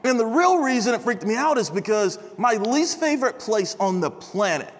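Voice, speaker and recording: A young man giving a chatty, animated chapel sermon to a large audience, peppered with bro and dude. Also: very high-pitched, moderate pace, long reverb tail. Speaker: chapel speaker. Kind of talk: casual storytelling sermon.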